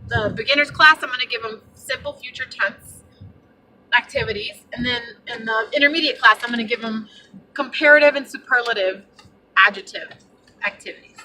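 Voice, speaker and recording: A young woman vlogger telling a story in a casual, animated, indignant way, full of fillers. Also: a little high, brisk, recorded from a distance, slight background noise, low-quality recording. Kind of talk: casual vlog rant.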